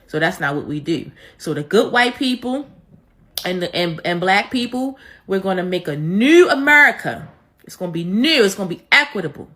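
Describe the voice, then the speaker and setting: A woman's voice: mid-range voice, big pitch swings, moderate pace, bright, forceful tone. A woman giving a blunt, profane rant, repeating her points with emphasis. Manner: repetitive, emphatic. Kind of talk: ranting commentary.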